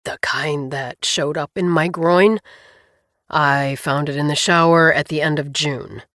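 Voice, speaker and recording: Brief: a woman doing a gentle, worried husband for an audiobook, low and halting, dry close sound. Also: steady tone, no echo. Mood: worried, tender. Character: tender worried husband, adult man.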